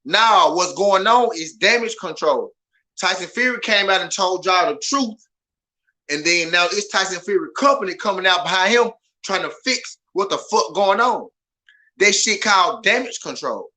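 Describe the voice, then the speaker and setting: Loud, ranting man with a bright, high voice. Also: animated, moderate pace. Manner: loud, passionate, profane, repetitive. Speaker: boxing podcast host. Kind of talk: animated ranting commentary.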